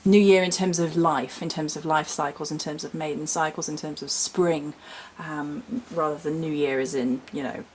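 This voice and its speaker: A woman with a low voice, talking casually as she shows her home altar. She rambles gently and chattily, drifting into little asides. A faint hiss sits under her voice. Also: steady tone, normal speed. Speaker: witch vlogger showing her altar. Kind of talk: casual spoken vlog.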